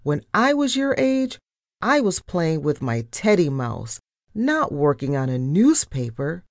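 A woman's voice: sits low, sing-song, measured pace, dry recording, studio quality, full character voice. A woman reading the part of a fussy, flustered grown male mouse who edits a newspaper, in storybook narration. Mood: exasperated. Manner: exasperated, flustered.

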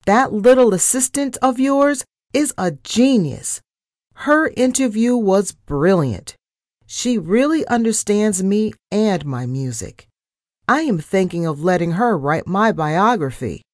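A woman puts on a famous rat rock star, a male celebrity with a short fuse who snaps and scolds at full volume. His voice leaps around in lively swings, recorded close and dry for a storybook reading. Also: fairly low pitch, unhurried, dry recording. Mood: gushing. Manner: snapping, indignant, loud.

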